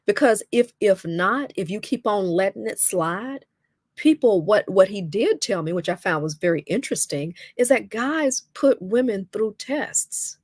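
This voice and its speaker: A woman's voice: medium pitch, expressive, measured pace, darkish tone, no echo, studio quality. A middle-aged woman hosting a livestream talk on relationships, speaking conversationally and emphatically, often checking in with "okay?". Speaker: host.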